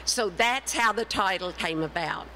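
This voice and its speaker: A middle-aged woman giving a conference talk as an author, telling her story in a lively way and acting out the voices of people she quotes. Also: mid-range voice, measured pace, slight background noise, low-quality recording. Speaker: author and speaker. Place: conference session room.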